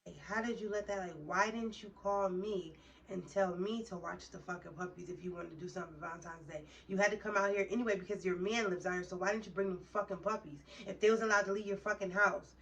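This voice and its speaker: A woman's voice: mid-range voice, steady tone, fast talker, fairly bright tone, far from the mic, dull audio, a little hiss or hum. A woman vlogger telling a heated, profane story straight to her viewers in a casual storytime.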